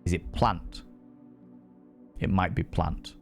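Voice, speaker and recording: A man's voice: low voice, steady tone, slow, gravelly, soft background music. Chatty, playful male game streamer. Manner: playful, swearing, chatty, theatrical bursts. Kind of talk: casual live-stream chat while gaming.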